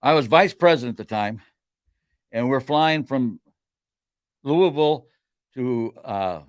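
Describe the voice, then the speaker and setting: An older man, the host's father, telling stories in a rambling, halting way during a casual chat. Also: mid-range voice, expressive, clean tone, no room sound, studio quality.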